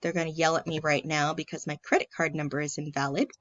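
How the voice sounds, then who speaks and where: A friendly woman explains a computer task step by step, her voice a little low and the sound muffled. It is dry and close, with no room around her voice, recorded through a computer mic. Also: level tone, fast, fairly bright tone, dry recording. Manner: friendly, plain step-by-step walkthrough with filler ums. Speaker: church staff member. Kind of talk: casual screen-recorded tutorial.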